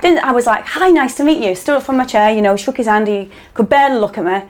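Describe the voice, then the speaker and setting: A woman's voice: a little high, fast. A woman actor, chatting as a podcast guest and acting out her own anxious inner voice as she tells stories. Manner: animated storyteller, restarts and acts out her inner voice. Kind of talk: casual interview chat.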